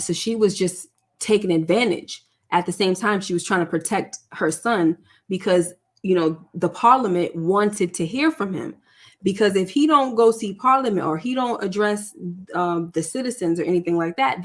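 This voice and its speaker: A woman vlogger talking through a TV series recap in a loose, chatty way, full of "like" and "you know" and checking in with "right?". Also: on the low side. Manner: chatty, filler-heavy, asks for agreement. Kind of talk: casual TV show recap.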